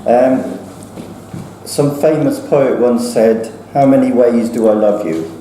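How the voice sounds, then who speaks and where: A man performing his own poem at an open mic, chanting it rhythmically with big swoops up and down in pitch. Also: slow, warm tone, slight background noise. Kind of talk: performance poetry. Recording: echoey room from far off with faint ambience.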